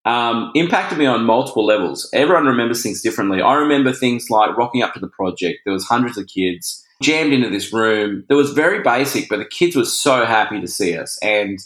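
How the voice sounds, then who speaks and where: A man's voice: medium pitch, expressive, brisk, hardly any pauses, fairly bright tone. A man, a radio presenter telling a heartfelt story in an earnest way and acting out quotes. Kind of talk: conversational podcast reminiscing. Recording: roomy echoing sound.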